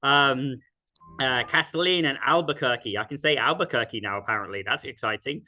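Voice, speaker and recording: A man with a bright, forceful mid-range voice speaks at normal speed as host of an online sing-along. He is chatty and self-deprecating, with lots of ums, and his video call audio sounds dull and lo-fi.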